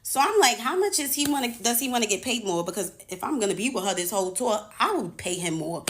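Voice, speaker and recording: Young woman, casual storytime vlogger, exasperated and profane, lively retelling. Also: fairly high pitch, fast. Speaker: touring music artist.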